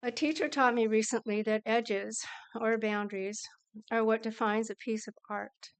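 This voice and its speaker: A woman reads a prepared statement in a smooth, clear voice. Her pitch sits fairly high but stays flat and even. She speaks in a measured, earnest way. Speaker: public commenter. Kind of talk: prepared statement at a council meeting.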